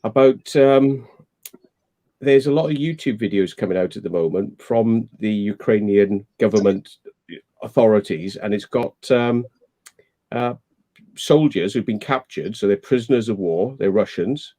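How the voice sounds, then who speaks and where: Ranting man with a mellow voice. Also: on the low side, measured pace. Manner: ranting, swears freely. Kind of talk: casual chat on a live stream.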